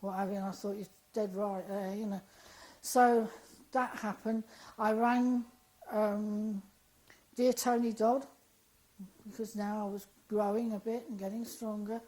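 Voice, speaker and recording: A woman, an interview guest, telling a personal story in a lively, animated way and acting out the dialogue she quotes. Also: mid-range voice, a little slow, rough recording.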